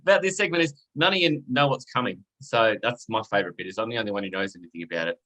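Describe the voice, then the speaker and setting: A man hosting a casual podcast, animated and quick to laugh, full of cheeky banter. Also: on the low side, rough recording. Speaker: podcast host.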